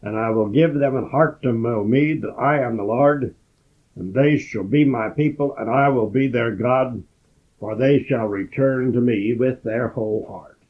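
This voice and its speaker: A man giving a Bible study, who reads scripture slowly and with emphasis and then explains it. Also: medium pitch. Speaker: Bible teacher. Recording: tinny phone-like lo-fi audio.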